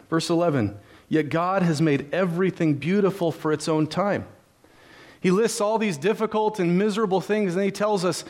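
A man preaching a sermon. He tells a personal story in a relaxed, conversational way, fills pauses with "uh" and "and so," then builds to earnest preaching. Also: fairly high pitch. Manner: frequent "uh" and "and so" fillers. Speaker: pastor.

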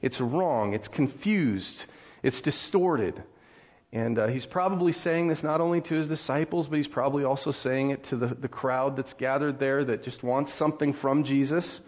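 A man preaching a sermon in a conversational way, walking through scripture and getting animated when he acts out frustration. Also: medium pitch, normal speed, lo-fi sound. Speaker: pastor.

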